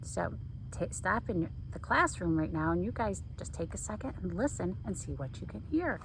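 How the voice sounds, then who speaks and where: Lively woman reading a picture book. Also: fairly low pitch, normal speed, background noise. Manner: playfully mimics sound effects. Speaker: teacher.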